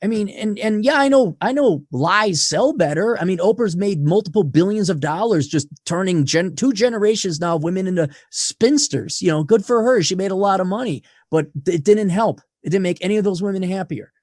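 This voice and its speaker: Man, podcast guest, brash and profane, higher-pitched, dry. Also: expressive, a little fast, few pauses, no room sound. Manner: brash and profane, swings loud then low. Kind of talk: blunt conversational interview.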